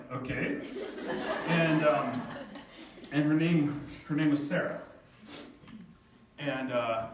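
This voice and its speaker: A man's voice: medium pitch, background noise. A middle-aged man telling a heartfelt, self-deprecating family story to an audience, now and then near tears. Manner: heartfelt, self-deprecating, quoting his daughter. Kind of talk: storytelling talk. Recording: echoey hall, voice from far off.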